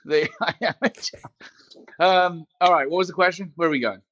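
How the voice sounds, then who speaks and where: A man's voice: fairly high pitch, brisk, highs cut off. A man talking as a guest on a podcast, telling stories with jokes and asides, heard through a mic built into his glasses. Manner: joking, animated storytelling with asides. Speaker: podcast guest, company CEO. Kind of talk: casual podcast chat. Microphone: headset mic built into glasses.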